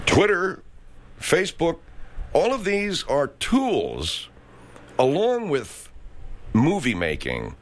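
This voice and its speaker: An American man ranting as a talk show host, swearing heavily, rambling and emphatic. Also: lowish voice. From United States. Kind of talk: profane comedic rant.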